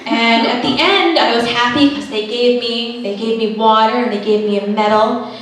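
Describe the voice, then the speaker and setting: Young woman stand-up comic, high voice, self-deprecating, recorded from the back of a big echoey room. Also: normal speed. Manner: self-deprecating, animated voices for quoted people. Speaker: stand-up comedian. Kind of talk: stand-up comedy set. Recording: roomy echo, heard from a distance.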